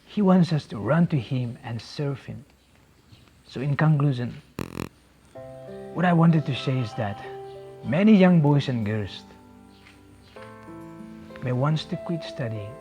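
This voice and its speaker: A young man giving an earnest personal faith testimony, halting and repeating himself, with many "you know"s. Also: mid-range voice, darkish tone. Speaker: testimony speaker.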